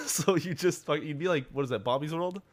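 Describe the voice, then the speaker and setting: A man's voice: on the high side, a little fast. A man co-hosting a casual gaming podcast, rambling and profane, loose and filler-heavy. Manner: rambling, laid-back, profane, lots of filler words. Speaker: podcast co-host.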